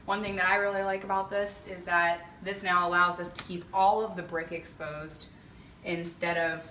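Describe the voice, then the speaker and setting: A young woman giving a casual walkthrough of her home renovation, chatty and filling pauses with lots of ums. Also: fairly low pitch, flat delivery, pushed and bright, a little hiss or hum. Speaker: homeowner giving a renovation tour. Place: empty house under renovation, indoors. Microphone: camera mic held by another person. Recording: echoey bare room, voice off-mic.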